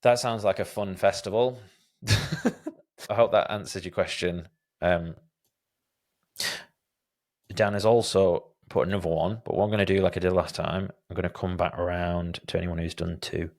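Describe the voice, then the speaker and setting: A man's voice: low voice, fairly even intonation, moderate pace, pauses often, a little mellow. A man in his thirties hosting a solo podcast, answering listener questions in a reflective, hesitant way with many fillers and restarts. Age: 30s. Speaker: podcast host.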